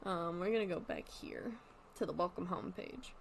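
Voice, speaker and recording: A woman's voice: lowish voice, moderate pace, creaky, slight background noise. Rambling woman streamer thinking aloud. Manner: rambling, thinking out loud with many fillers. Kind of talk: casual commentary while playing.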